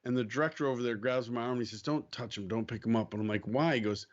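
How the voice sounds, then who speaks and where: Man telling a lively story. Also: mid-range voice, quick pace, highs cut off. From United States. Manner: animated storyteller, acts out quotes, laughs easily. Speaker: podcast guest, missionary. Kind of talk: casual storytelling.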